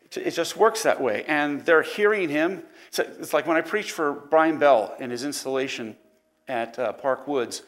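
A man's voice: fairly high pitch, moderate pace. Chatty East Coast man teaching Bible. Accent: East Coast American. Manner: conversational, digressive, with fillers and asides. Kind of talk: Sunday school Bible lesson.

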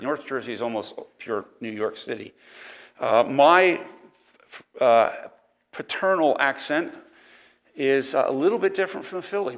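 This man has a medium-pitched, fairly bright voice and an East Coast American accent. He teaches a Sunday school Bible lesson conversationally, drifting into digressions, fillers and asides.

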